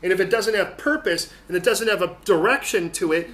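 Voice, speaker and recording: A male pastor giving a humorous, animated sermon in a church hall. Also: high-pitched, a little fast. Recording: echoey hall, faint noise.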